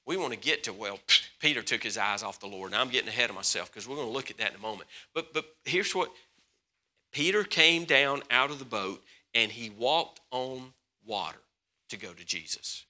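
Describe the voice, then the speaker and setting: A man preaching a sermon as pastor, telling stories with dramatic swings between loud bursts and hushed moments, often repeating words and restarting sentences. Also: medium pitch, expressive, moderate pace.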